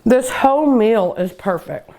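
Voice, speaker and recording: A woman's voice: a little high, expressive, a little slow, dark tone. An older woman hosting a cooking show, chatting and gushing enthusiastically while she eats. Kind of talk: casual cooking show talk.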